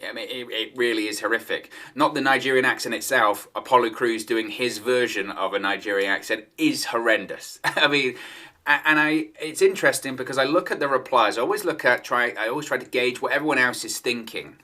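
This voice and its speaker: A man's voice: mid-range voice, brisk, sharp tone. A man giving solo opinion commentary on wrestling news, in a conversational manner and repeating his points for emphasis.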